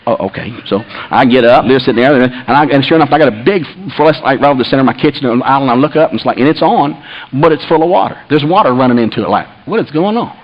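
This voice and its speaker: A middle-aged man telling a comic story, animated and breathless, laughing as he talks, his voice climbing high and loud when he gets excited. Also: racing, dull audio. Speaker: comedian storyteller. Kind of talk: comic story to a live audience.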